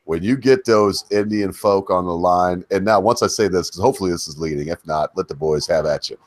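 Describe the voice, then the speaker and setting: A man's voice: deep voice, brisk, no echo. A middle-aged man hosting a chat show, asking meandering questions and drifting into rants. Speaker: host. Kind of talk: casual chat.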